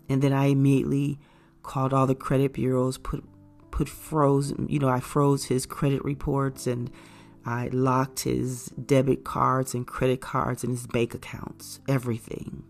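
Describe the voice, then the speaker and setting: A woman giving an earnest, measured talk that gently explains things to caregivers. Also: extremely low pitch, little pitch movement, gravelly, faint music behind. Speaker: caregiver educator. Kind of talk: informative talk to camera.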